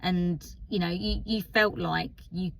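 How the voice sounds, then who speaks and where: A woman in her fifties with an Essex accent talks slowly and openly to the camera, pausing often and filling gaps with soft fillers. Her voice sits on the lower side, and a faint nervousness runs under her unhurried, reflective delivery. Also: fairly even intonation, vocal fry, low-quality recording. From Essex, England. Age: 50s. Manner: hesitant, candid, many pauses and fillers. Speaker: vlogger. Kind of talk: personal reflective vlog.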